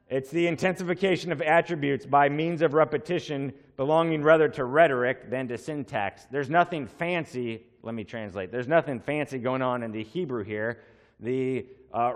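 A man preaching a sermon, explaining slowly and repeating words for emphasis. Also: mid-range voice. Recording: long hall reverb.

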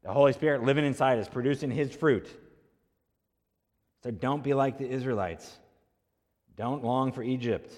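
A man's voice: mid-range voice, moderate pace, long pauses, a little mellow. A man preaching a sermon as pastor, telling a story in a conversational way and acting out the quoted voices. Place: church sanctuary. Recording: long hall reverb.

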